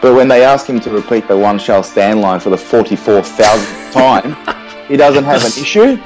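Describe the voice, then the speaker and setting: A man's voice: mid-range voice, animated, moderate pace, a little mellow, faint music behind, poor audio. A man co-hosting a casual podcast, ranting in an exasperated way and swearing now and then. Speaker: podcast co-host. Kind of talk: casual chat.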